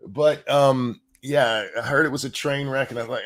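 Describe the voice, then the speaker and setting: A man with a medium-pitched, steady, slightly bright voice hosts a casual livestream at normal speed. He rambles sarcastically, swears freely, and keeps restarting his sentences.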